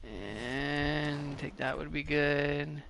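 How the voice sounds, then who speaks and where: A man's voice: fairly high pitch, very slow, vocal fry, noisy background. A man giving casual, rambling commentary while playing a game, laughing often and mocking himself. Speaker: gamer.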